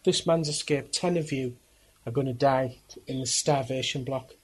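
A man's voice: medium pitch, moderate pace, slightly rough, lightly acted. A man barking as a scornful Nazi commander. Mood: cold. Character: cruel male Nazi camp commander, scornful.

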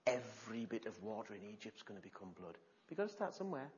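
A preacher delivering an animated sermon, retelling stories with gasps and shifts in loudness. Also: male voice, on the low side, quick pace, lo-fi sound, slight background noise.

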